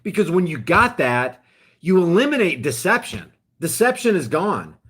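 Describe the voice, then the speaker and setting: A man's voice: high voice, big pitch swings, moderate pace, husky. Fired-up man ranting on a stream. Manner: heated and emphatic, drops to quiet asides. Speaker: live-stream host. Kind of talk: impassioned live-stream rant.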